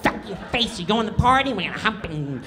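A sleazy party guy, as a man puts him on, with crude, slurring come-ons. The voice sits low and loose. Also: very animated, fast, crowd noise. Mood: leering.

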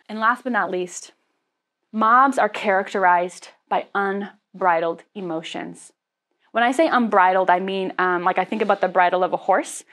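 A woman's voice: medium pitch, gravelly, a bit bright. Candid woman pastor preaching casually. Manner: candid, conversational, laughs often, frequent fillers. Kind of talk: sermon.

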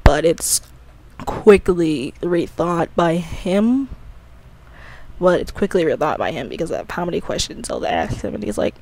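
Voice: medium pitch, very animated, unhurried, a little mellow, slight background noise. The creator of an audio drama series, rambling through a casual commentary with an offhand, slightly sleepy manner and many self-corrections. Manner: rambling, often restarts and corrects itself.

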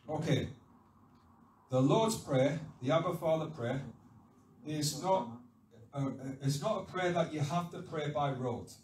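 A man preaching a sermon, emphatic and insistent, repeating his phrases with rising force. His voice sits fairly high and is picked up from a distance, so it rings around an echoey church hall. Steady room noise sits under the recording. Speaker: pastor. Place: church service.

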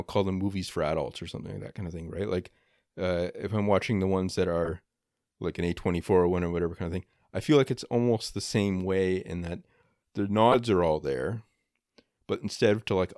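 A man's voice: low-pitched, a little mellow, dry recording, clean studio sound. A man hosting a casual podcast discussion, rambling and hedging with many fillers. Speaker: podcast host.

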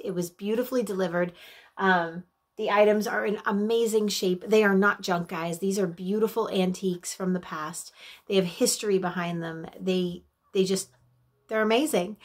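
In a casual unboxing vlog, a woman in her thirties talks directly to her audience about her gifts at a medium pitch. She gushes excitedly, though her voice softens and falters when she feels moved.

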